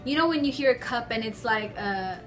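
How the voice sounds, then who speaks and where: A young woman vlogger telling stories to the camera from her bedroom, in a chatty, animated way full of filler words. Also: fairly high pitch, fairly quick, faint music behind. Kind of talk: casual storytelling to camera.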